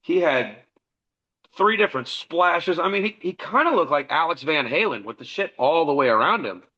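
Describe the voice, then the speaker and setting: A middle-aged man spins a long, swearing-laced story as a podcast guest, slipping into the voices of the people he quotes. His tone is bright and forceful. The audio is dull and lo-fi. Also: a little high, animated, normal speed. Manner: rambling, profane, acts out dialogue. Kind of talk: casual storytelling interview.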